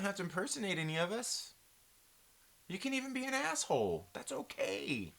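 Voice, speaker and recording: A man's voice: sits high, wildly swooping pitch, normal speed, vocal fry, fairly bright tone. A man hosting a casual live movie chat stream, joking around and rambling as he answers viewers in the live chat.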